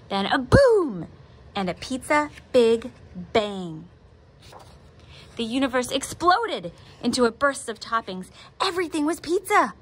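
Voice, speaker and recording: Woman art teacher, higher voice, animated read-aloud style for kids. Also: slight background noise. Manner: expressive, animated storytelling. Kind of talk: reading a picture book aloud, then art instruction.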